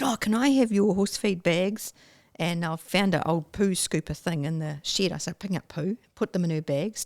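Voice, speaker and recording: A woman, a guest telling her story in a casual interview, animated and acting out her own past self with sudden squeals and whispers. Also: fairly low pitch, no room sound, studio quality.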